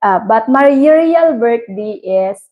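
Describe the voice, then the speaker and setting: A woman from the Philippines with a Filipino accent, hosting a casual livestream and chatting with viewers in halting English. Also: fairly high pitch, expressive, phone-quality sound. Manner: slow, halting non-native English with frequent laughs. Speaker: livestream host. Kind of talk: casual livestream chat reading viewer comments.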